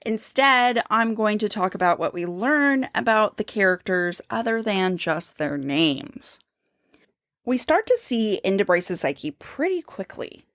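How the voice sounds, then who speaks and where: Lively, expressive woman book podcaster. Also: mid-range voice, unhurried, no echo, studio quality. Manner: reads quotes aloud and poses questions. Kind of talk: casual literary analysis chat.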